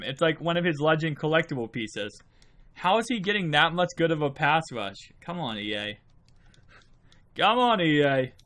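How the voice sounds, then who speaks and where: A man who just woke up and is still sleepy, hosting his video game channel with rambling, casual gameplay commentary and sudden excited outbursts. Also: on the high side.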